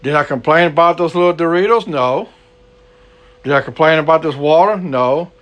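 A man's voice: a little high, normal speed, fairly bright tone, lo-fi sound. A man preaching a sermon, earnest and repetitive, stretching words for emphasis.

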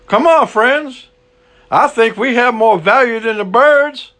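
A man's voice: very high-pitched, takes it slowly, bright, forceful tone. A man preaching a sermon, earnest and repetitive, stretching words for emphasis.

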